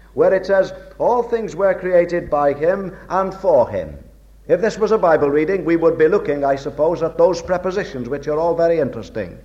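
A man preaching a sermon in a measured, old-fashioned way, slowing down to stress key words. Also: fairly high pitch, darkish tone. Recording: dull lo-fi recording.

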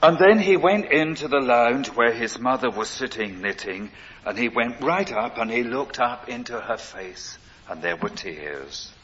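An older man preaching a sermon, earnest and storytelling, swelling loud for emphasis and dropping low again. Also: animated, unhurried, breathy edge. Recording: dull lo-fi recording.

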